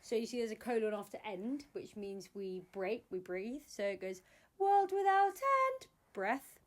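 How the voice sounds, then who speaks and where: A woman's voice: mid-range voice, steady tone, normal speed, warm tone. A woman teaching a singing lesson step by step, explaining patiently with many fillers.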